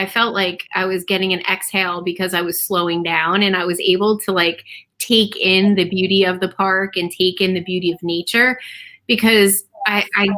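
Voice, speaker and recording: Bright, chatty woman host. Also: mid-range voice. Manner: warm, chatty, fluent, many fillers like "you know". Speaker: interview host. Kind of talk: conversational interview.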